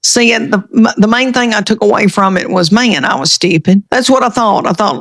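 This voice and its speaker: A middle-aged woman comedian with a thick Southern country accent, chatting folksy and animated in an interview. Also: medium pitch, moderate pace, gravelly, few pauses. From American South. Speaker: comedian guest. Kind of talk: casual interview chat.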